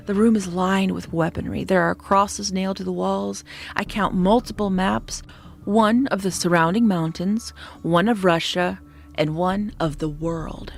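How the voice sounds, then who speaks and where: A woman narrating a scripted horror story in a steady, descriptive manner, sometimes dropping to a hush. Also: mid-range voice, unhurried, vocal fry. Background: faint background music.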